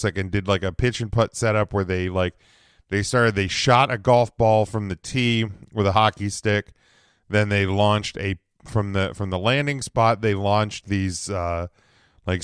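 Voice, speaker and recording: A lower-voiced man talks through a casual solo podcast, his voice smooth and resonant despite a slightly scratchy throat. He rambles with fillers and restarts, then turns emphatic. The sound is dry and close to the mic. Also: no room sound. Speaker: podcast host.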